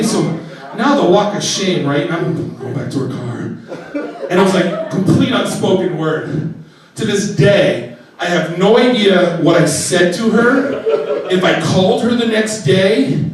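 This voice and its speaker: A man telling a funny story on stage, animated and often laughing, acting out his own panic. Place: live venue with audience. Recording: booming echoey hall from far off with audience.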